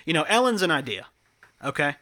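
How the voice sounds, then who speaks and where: A young man co-hosting a casual podcast with a bright voice that sits a bit high. He tells his stories in an animated, rambling way, laughing and restarting his sentences as he goes. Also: brisk. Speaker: podcast co-host. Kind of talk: casual chat. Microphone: headphones and studio mic.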